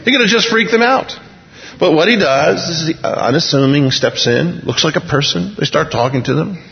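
A man preaching a sermon, retelling scripture in a lively, jokey way and acting out the dialogue in little voices. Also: a little high, normal speed, creaky. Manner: animated, jokey, voices the characters in scenes. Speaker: pastor. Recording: dull sound with long hall reverb.

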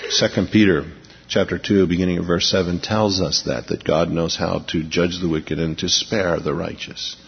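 A man's voice: sits low, fairly even intonation, normal speed, gravelly, slightly rough. A man preaching a sermon to a large congregation, speaking emphatically and dramatizing the scripture he reads. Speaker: pastor. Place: large church auditorium. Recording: dull, echoey recording of a big church hall.

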